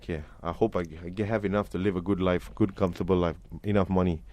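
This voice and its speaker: A man's voice: sits low, fast, dry recording. A man, a guest musician, telling stories animatedly in a radio interview in a studio. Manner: animated storyteller.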